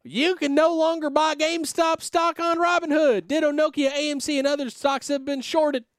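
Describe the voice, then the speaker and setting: A man's voice: little pitch movement, moderate pace, dry recording, clean studio sound. A man putting on a drawling Southern stock ranter. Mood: mocking. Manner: high drawling mock voice. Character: exaggerated Southern man ranting about stocks.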